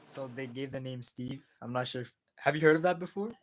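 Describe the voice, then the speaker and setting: Young man, mid pitch, easygoing, hesitant, lots of fillers, casual stream co-host. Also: a little fast, poor audio. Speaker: co-host reading chat. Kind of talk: casual livestream chat.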